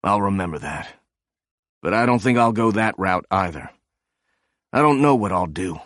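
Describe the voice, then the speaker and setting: A man's voice: low voice, expressive, normal speed, fairly bright tone, no room sound, studio quality. A man voicing a stubborn, weary former agent, blunt and brooding.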